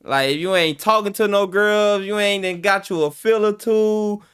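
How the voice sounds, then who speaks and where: A man talks through a rap track in a loose, animated way, slipping into teen slang impressions as he explains each line. His voice sits a touch high for a man. It sounds like a relaxed reaction-video chat. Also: moderate pace, smooth. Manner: animated, mimics teenagers' slang while explaining lyrics. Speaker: father and youth coach. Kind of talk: casual music reaction commentary.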